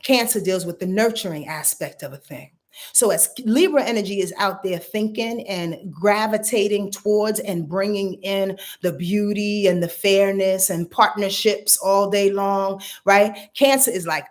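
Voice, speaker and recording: Animated, slangy woman giving astrology readings. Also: medium pitch, normal speed. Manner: animated, slangy, talks straight to viewers, laughs often. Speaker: astrologer doing live readings. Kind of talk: casual livestream chat and astrology readings. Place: at home.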